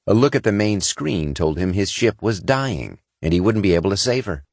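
A man reading scripted narration in a steady, measured way from a close studio mic. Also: low voice, dry recording. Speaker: audiobook narrator. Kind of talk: scripted science fiction narration.

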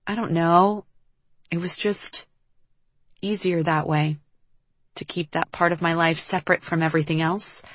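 Lady reading guarded young runaway girl, careful and hesitant, lowish tone. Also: steady tone, unhurried, pauses often, no echo.

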